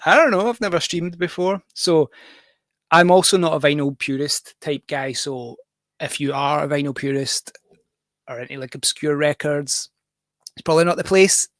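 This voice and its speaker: A man's voice: on the high side, a bit bright, no room sound. A Scottish man hosting a casual livestream, talking in a rambling, jokey, self-deprecating way. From Scotland. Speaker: livestream host and musician.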